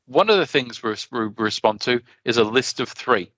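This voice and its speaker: Aussie bloke presenting at a conference, chatty, keeps restarting, crisp bright voice, kinda dull dry recording. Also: male voice, medium pitch, moderate pace, no room sound. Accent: Australian. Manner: chatty, animated, frequent restarts. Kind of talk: conference talk.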